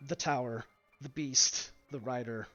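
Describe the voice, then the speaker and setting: A man narrating a tabletop game as game master, halting over his words with frequent fillers and restarts. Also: medium pitch, steady tone, sharp tone. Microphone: streaming mic. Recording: dull lo-fi stream, faint music.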